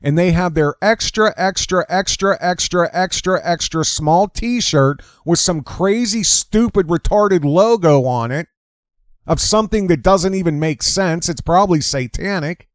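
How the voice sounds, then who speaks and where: A man's voice: high-pitched, unhurried, no room sound. A man hosting a ranting political commentary show, talking in a heated, indignant, emphatic way, recorded close on a dry mic. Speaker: host.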